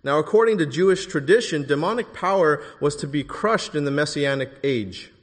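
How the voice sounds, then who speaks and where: A male preacher delivering a sermon with emphatic, rising delivery that pushes hard on key phrases. His voice sits somewhat high for a man, and it rings out with a long reverb, as in a church sanctuary. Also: lively intonation, moderate pace.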